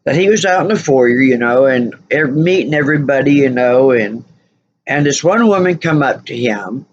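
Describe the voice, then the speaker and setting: A woman's voice: rumbling low, animated, normal speed, dull audio, a little hiss or hum. A woman vlogger telling a story casually, rambling and full of "you know" fillers.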